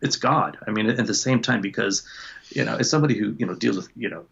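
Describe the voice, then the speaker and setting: Casual talker, male, gravelly and husky, rambling video-call chat with muffled lo-fi sound. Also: lowish voice, a bit bright. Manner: rambling, self-interrupting, quick laughs. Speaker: book club guest. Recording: dull lo-fi call audio.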